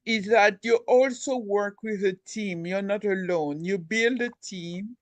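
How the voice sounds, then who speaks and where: A woman's voice: mid-range voice, a little slow, no echo. A woman guest in a casual interview, explaining things earnestly in short, plain phrases.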